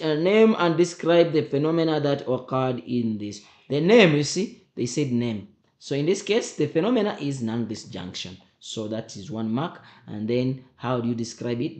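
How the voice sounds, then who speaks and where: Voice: mid-range voice, a little mellow. A teacher going through exam questions, emphatic and often repeating questions back to the class. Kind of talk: exam revision lesson. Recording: roomy echo.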